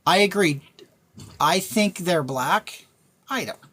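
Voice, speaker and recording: On a live stream, a woman reads chat and rants casually, blunt in tone, thanking viewers by name and restating her points. Her voice is on the low side, a bit bright and slightly rough, slow but with lively intonation.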